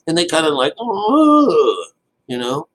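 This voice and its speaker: Rambling man, a bit high-pitched. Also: unhurried, fairly bright tone, rough recording. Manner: rambling, with many restarts and casual swearing. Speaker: Bible teacher. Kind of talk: casual spoken Bible commentary.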